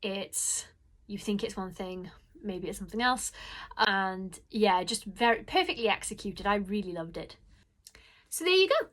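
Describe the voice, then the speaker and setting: A woman's voice: mid-range voice, lively intonation, normal speed, a bit bright. A woman casually recommending horror stories in a chatty, gushing vlog, with lots of fillers and restarts. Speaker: horror book reviewer.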